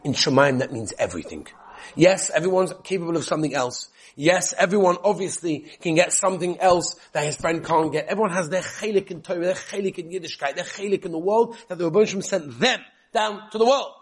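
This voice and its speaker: A man giving a lively Torah lesson, telling stories and addressing his listeners directly. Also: sits high, a little fast, husky. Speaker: Torah teacher.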